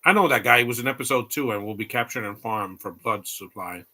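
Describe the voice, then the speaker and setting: Blunt, bright-voiced male movie commentator. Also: medium pitch, fairly quick. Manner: rambling, opinionated, blunt asides. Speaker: live movie commentary host. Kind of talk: casual live movie commentary.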